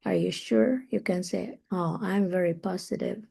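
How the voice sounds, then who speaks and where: A woman teaching English on a live stream, relaxed and thinking aloud, slowing down on each phrase she teaches. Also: on the low side, vocal fry, breathy edge.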